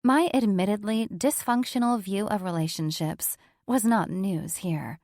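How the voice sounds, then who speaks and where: A woman narrating a first-person audiobook with frank, sardonic directness. Her voice sits at a middle pitch, recorded close and dead dry with no room around it. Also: a little slow, darkish tone, dry recording.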